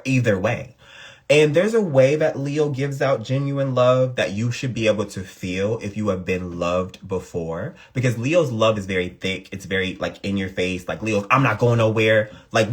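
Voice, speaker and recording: A man giving a casual astrology reading, repeating points for emphasis in colloquial speech. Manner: animated, acts out quotes in a higher voice. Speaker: astrology reader. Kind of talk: casual astrology talk to camera.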